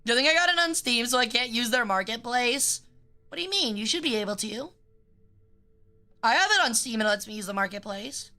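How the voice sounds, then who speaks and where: Bright, clear-voiced young woman streamer. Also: fairly high pitch, lively intonation, fairly quick, soft background music. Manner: rambling, joking, swears freely. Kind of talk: casual stream chat.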